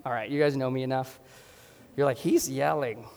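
A man preaching a sermon as pastor, passionate and at times loud and fired up. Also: medium pitch, level tone, brisk, clean tone, in a large hall. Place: church hall.

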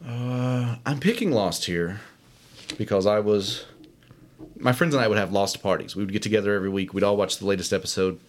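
A man's voice: on the low side, fairly quick. A man hosting a casual solo show, rambling and self-deprecating with many fillers. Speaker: podcast host. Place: home studio, alone.

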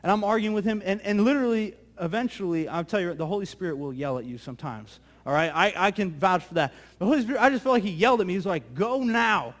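Young guy pastor preaching, high voice, talks fast and chatty, repeats himself a lot. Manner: animated, conversational, repeats words when excited. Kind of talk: sermon storytelling.

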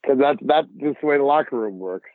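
A former hockey player being interviewed, telling rambling, profane stories full of restarts. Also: male voice, mid-range voice, lively intonation, brisk, no room sound. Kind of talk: casual storytelling interview. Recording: tinny phone-like line.

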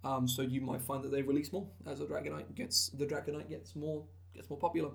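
A man's voice: on the high side, little pitch movement, fast talker, vocal fry. A man co-hosting a casual podcast chat, rambling with lots of fillers and restarts. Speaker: podcast co-host. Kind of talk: casual chat about tabletop game content.

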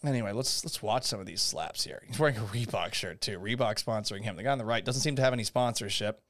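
Talking quickly in a lowish, slightly bright voice, a man hosts a live-streamed podcast. His casual commentary wanders, with plenty of sarcasm and profanity.

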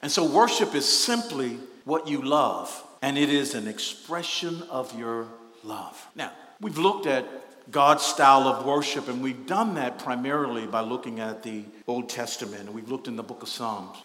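A male pastor preaching a sermon, moving between quiet teaching and loud, spontaneous outbursts of praise, laughing and calling on the congregation to respond. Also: medium pitch, normal speed. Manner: swings from soft teaching to shouted, spontaneous praise; laughs often and calls out to the congregation. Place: church sanctuary. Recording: echoey hall, long reverb.

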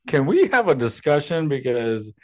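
A man's voice: medium pitch, big pitch swings, moderate pace. Podcast guy, blunt and crude, voice jumps up and down a lot. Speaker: podcast co-host. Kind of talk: casual podcast banter.

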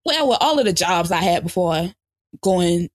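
A young adult woman chats loosely on a podcast, loud and lively. She swears freely and laughs often. The recording is dry and close. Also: lowish voice, moderate pace, dry recording. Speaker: podcast co-host. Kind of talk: casual podcast chat.

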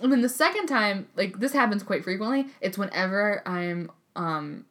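A woman's voice: mid-range voice, normal speed. A young woman in her twenties, a graduate student, chatting casually and animatedly, swearing freely. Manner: animated, acts out voices in quotes, swears freely. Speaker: podcast co-host, grad student. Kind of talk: casual chat.

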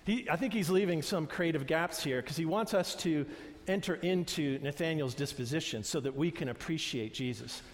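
Conversational preacher with hall reverb. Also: male voice, fairly high pitch, normal speed. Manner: conversational, animated retellings with many fillers and restarts. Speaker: pastor. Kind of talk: sermon.

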